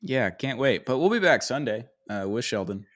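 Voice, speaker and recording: A man's voice: mid-range voice, big pitch swings, normal speed, fairly bright tone. A man co-hosting a casual sports podcast, joking and often laughing mid-sentence. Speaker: podcast co-host.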